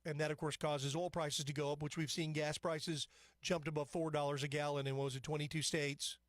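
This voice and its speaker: A man's voice: on the high side, level tone, fairly quick, no echo, studio quality. Chatty man hosting talk radio. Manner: rambling, opinionated and chatty, with frequent asides. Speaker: radio talk show host. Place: radio studio. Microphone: studio microphone.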